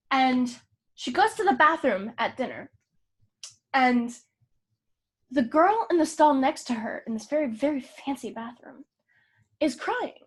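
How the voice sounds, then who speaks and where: A woman's voice: sits high, husky. A woman co-hosting a casual podcast, retelling a movie plot with profanity and acted-out lines. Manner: animated, profane, acts out movie scenes. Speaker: podcast co-host.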